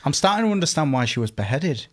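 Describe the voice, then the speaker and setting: A man co-hosting a podcast, reacting to a story with quick wisecracks and the odd swear. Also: a little high, sing-song. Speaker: podcast co-host. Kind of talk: casual chat, reacting and joking.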